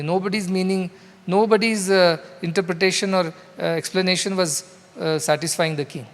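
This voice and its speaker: A man's voice: high voice, fairly even intonation, normal speed. A man with an Indian English accent gives a spiritual discourse in a large hall, explaining scripture loosely and conversationally through a story. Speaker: spiritual speaker. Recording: long hall reverb.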